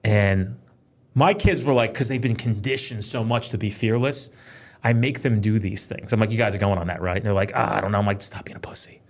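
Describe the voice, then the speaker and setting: A man talking in a casual podcast chat, profane and quick, telling animated stories about his kids and work. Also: fairly low pitch. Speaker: podcast guest, police trainer.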